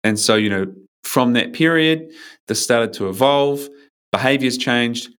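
A man's voice: mid-range voice, lively intonation, a little slow, fairly bright tone, clear, resonant tone. A man who coaches men, speaking in a casual interview with a rambling, loose manner, many fillers and casual swearing. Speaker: men's coach.

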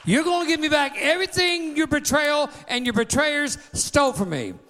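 A man's voice: very high-pitched, animated, normal speed, pushed and bright. A man preaching a sermon, declaring and repeating calls to the congregation with a drawling folksy grammar. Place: church sanctuary. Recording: long reverb in a church hall.

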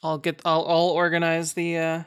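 A woman's voice: deep voice, completely flat delivery, moderate pace, clear, resonant tone, natural voice. A woman voicing a weary, sighing male goblin merchant who hesitates often as she speaks. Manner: sighing, hesitant, full of ums.

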